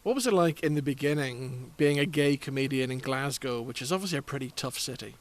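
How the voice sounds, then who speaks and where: A man's voice: medium pitch, brisk. Man hosting a TV chat show. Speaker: TV show host. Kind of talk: broadcast interview.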